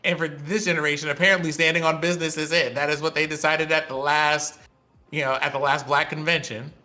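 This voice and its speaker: A man in his forties with a bright, forceful voice, chatting in a relaxed podcast and telling animated stories. He teases his co-hosts playfully. Faint music plays underneath. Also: a little high, quick pace. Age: 40s. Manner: animated storyteller, playful teasing. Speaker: podcast co-host. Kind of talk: casual chat.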